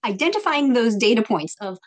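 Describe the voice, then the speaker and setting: A woman's voice: on the high side, very animated, a little fast. A woman speaking as a guest in a podcast interview, talking in a thoughtful, reflective way. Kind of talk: interview conversation.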